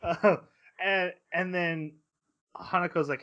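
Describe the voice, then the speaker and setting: A man's voice: on the high side, expressive, measured pace, sharp tone. A man co-hosting a podcast, recapping episodes in casual chat and acting out characters' lines as he goes. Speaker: podcast co-host.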